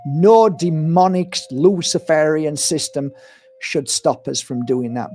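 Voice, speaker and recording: A man's voice: a little high, a little slow, darkish tone. A man hosting a livestream, talking in a loose, rambling monologue that often turns into an impassioned rant. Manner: rambling and impassioned, given to ranting. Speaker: livestream host. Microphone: streaming setup mic.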